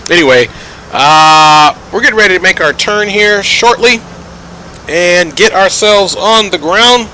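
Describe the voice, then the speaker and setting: A man talks through his flight sim session for a live stream in a loose, joking way, thanking viewers between callouts. His voice sits a bit high and sounds bright and forward. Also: expressive, a little slow, a little hiss or hum, low-quality recording.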